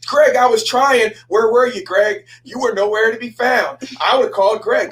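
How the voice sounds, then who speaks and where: A man, a pastor hosting a show, telling a story in a lively sermon style, repeating himself and stumbling over words as he goes. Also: very high-pitched, moderate pace, hardly any pauses, slight background noise, rough recording. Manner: animated, repeats himself and stammers.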